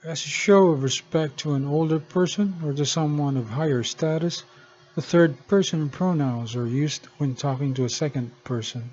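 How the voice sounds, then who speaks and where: A man narrating a scripted language lesson, explaining slowly and deliberately. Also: a little high, darkish tone, muffled recording, soft background music. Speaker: language teacher.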